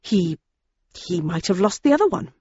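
A woman reading the part of a bitter, jealous middle-aged woman who heads a convent, speaking slowly and low with grudging insults. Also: very animated, warm tone, husky, dry recording, muffled recording, full character voice. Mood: resentful.

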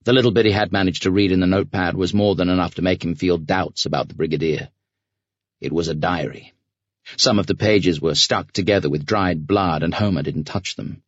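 Very deep-voiced male audiobook narrator. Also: brisk, no echo. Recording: dull, dry lo-fi recording.

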